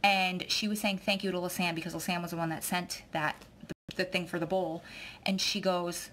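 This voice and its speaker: A woman's voice: lowish voice, level tone, moderate pace, a bit bright, slight background noise. A woman vlogging, talking in a rambling, effusive way that often turns tearful. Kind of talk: rambling emotional vlog chat.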